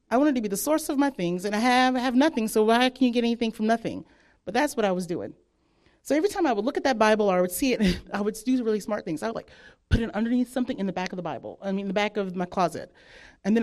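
Woman, animated testimony, chatty delivery that keeps slipping into the voices of other people. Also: mid-range voice. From southern United States. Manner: animated, chatty, acts out quotes, laughs often. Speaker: speaker giving a testimony. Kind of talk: personal testimony.

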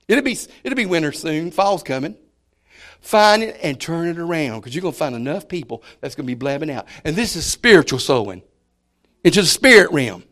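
A man delivers a folksy sermon in a slightly high voice. He leans on repeated words and lets his volume rise and fall as he preaches. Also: sing-song, moderate pace. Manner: folksy, repeats key words, shifts loud to soft.

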